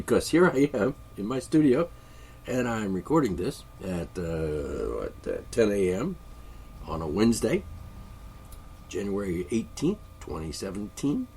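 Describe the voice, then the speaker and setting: A man's voice: lowish voice, big pitch swings, measured pace, a little mellow, slight background noise. A man with congested sinuses, delivering a sarcastic, rambling political monologue from his studio. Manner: sarcastic, mocking, chuckling. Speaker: podcast host. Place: home studio.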